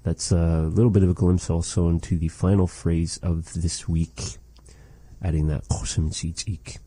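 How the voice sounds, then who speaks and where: A man leads a language lesson in an unhurried, methodical way, repeating each phrase and then explaining it. His voice is low and very dark, and the recording is dry and close. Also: level tone, husky, no echo. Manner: repeats phrases slowly and explains them carefully. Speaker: language teacher. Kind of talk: slow, patient language lesson.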